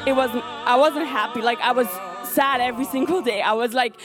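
A woman giving an earnest, emotional testimony to a crowd, talking fast. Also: fairly high pitch. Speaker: person sharing a testimony. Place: on a stage before a crowd. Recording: music and a crowd behind her. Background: music and crowd.

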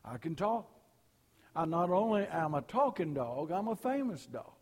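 A man's voice: sits high, big pitch swings, normal speed, slightly rough, big-room sound, heavily acted. A man doing a boastful old talking dog. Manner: bragging, tall-tale telling.

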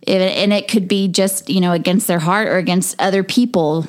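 A woman's voice: mid-range voice, fairly even intonation, fairly quick. A woman in her thirties, co-hosting a casual faith and parenting chat, animatedly retelling a story of her son's sleepless night. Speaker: podcast co-host.

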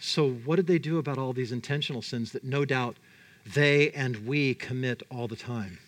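A man preaching a sermon, animated and dramatic, his delivery full of emphatic rises and drops. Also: mid-range voice, moderate pace. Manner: animated, dramatic, voices God and Jonah in quotes.

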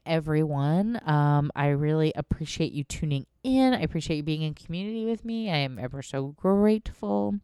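A young woman with a low, smooth voice hosts her own podcast in a playful, rambling way, giggling as she goes. She sits close to the microphone in a dry, dead room. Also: expressive, normal speed, darkish tone, no echo. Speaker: podcast host. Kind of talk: casual solo podcast chat.

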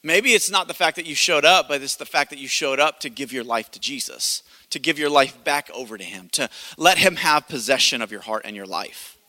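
Bright-voiced pastor in a reverberant hall. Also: male voice, mid-range voice, brisk. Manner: animated storyteller, acts out voices. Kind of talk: sermon with personal story. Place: church hall.

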